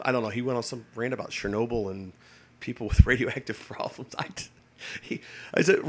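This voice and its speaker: A man's voice: medium pitch, fast. A man, a navy veteran, tells stories casually and rambles, with many restarts, fillers and swearing. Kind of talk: casual storytelling.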